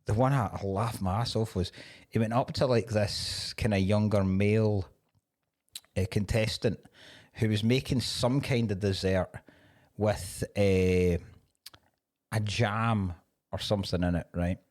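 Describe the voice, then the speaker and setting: A man's voice: on the low side, a little slow. A man, a comedian co-hosting a podcast, telling sweary stories in casual chat. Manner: sweary, storytelling, animated.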